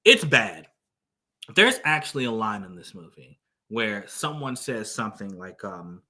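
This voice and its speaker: A man's voice: lowish voice, big pitch swings, a little slow, sharp tone. A man giving a casual spoken movie review, blunt and exasperated, full of fillers and restarts.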